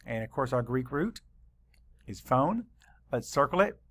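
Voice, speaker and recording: A man's voice: medium pitch, sing-song, fairly bright tone, no room sound. A man teaching a spelling lesson to children, sounding out words and spelling them letter by letter. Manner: slow, deliberate letter-by-letter spelling.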